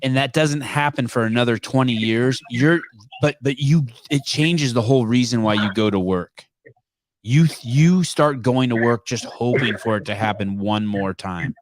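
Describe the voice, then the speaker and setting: A man's voice: medium pitch, normal speed, no echo, clean studio sound. A man hosting a live call-in podcast, talking bluntly and profanely in a rambling, casual way. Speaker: podcast host taking calls. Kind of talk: live call-in show chat.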